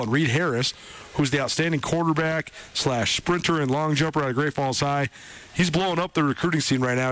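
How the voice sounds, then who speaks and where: A man's voice: on the high side, fairly bright tone, low-quality recording. A man hosting a sports radio show, talking loosely with fillers and restarts.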